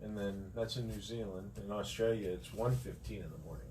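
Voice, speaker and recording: A man's voice: lowish voice, brisk, mellow, recorded from a distance, a little hiss or hum, poor audio. A man helping at a live craft stream, making brief, offhand remarks from off camera and reading out viewer comments.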